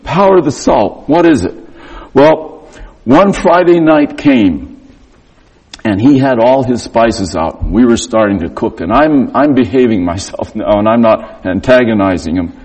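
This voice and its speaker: A middle-aged man preaching a storytelling sermon, animated and acting out the dialogue. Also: lowish voice, unhurried.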